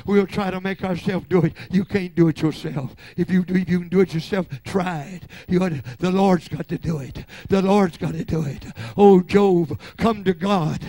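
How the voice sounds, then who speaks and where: Older man, revival preacher, high voice, dry close sound, murmurs then shouts. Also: no room sound. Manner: swings between low murmuring and shouted preaching. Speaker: pastor. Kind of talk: Pentecostal revival sermon.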